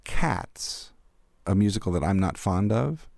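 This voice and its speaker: An older man, an arts critic, recalling theater memories in a thoughtful, animated interview. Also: deep voice, a little slow, gravelly, no room sound, studio quality. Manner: thoughtful, warmly animated storyteller. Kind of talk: reflective storytelling in an interview.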